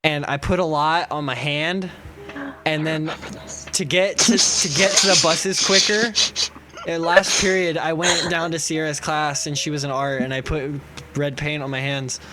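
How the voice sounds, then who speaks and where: A young man chatting casually on a podcast, telling stories with lots of swearing and sudden loud acted-out lines. His voice sits a little high for a man. A faint hiss of noise lies under it. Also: measured pace. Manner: animated, swearing, acts out quoted lines loudly. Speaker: podcast host. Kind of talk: casual storytelling chat.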